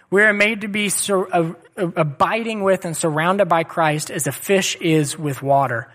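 A man in his thirties preaches a sermon in a high voice. His tone is bright and forceful. He speaks earnestly and conversationally, weaving in personal stories. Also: moderate pace, hardly any pauses. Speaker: pastor.

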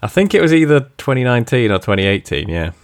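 A man co-hosting a casual podcast, chatty and relaxed, laughing easily. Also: medium pitch, fast. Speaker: podcast co-host.

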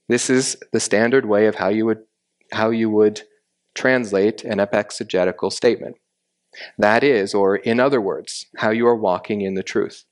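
A man with a fairly low voice works through a scripture passage as a teacher. He explains the grammar point by point, in a patient and methodical way. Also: fairly even intonation, moderate pace. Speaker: Bible teacher. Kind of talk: expository Bible teaching.

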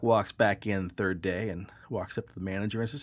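A man co-hosting a casual podcast, an animated storyteller who laughs easily. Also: lowish voice, brisk, hardly any pauses. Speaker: podcast co-host. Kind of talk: casual chat, joke telling.

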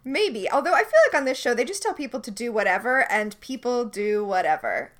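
Lively high-voiced woman chatting. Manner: quick, chatty, playful asides. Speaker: podcast co-host. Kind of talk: casual chat recapping a TV episode.

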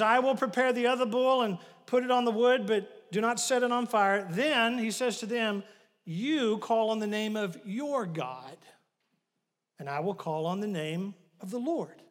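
A male pastor preaching a sermon, retelling a story with animated swings from loud bursts to hushed asides. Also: sits high, in a large hall.

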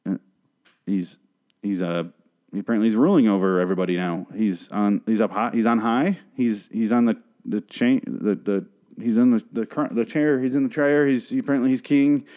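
A man's voice: lowish voice, steady tone, fairly quick, dark tone. A man hosting a comedy podcast, ranting in a rambling, profane and exasperated way while reacting to song lyrics. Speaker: podcast host.

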